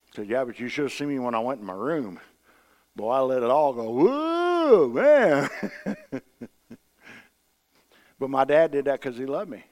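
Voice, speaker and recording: A man's voice: mid-range voice, fast talker. Folksy, emphatic man preaching. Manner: folksy, swings between loud emphatic bursts and quiet asides. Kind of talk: sermon.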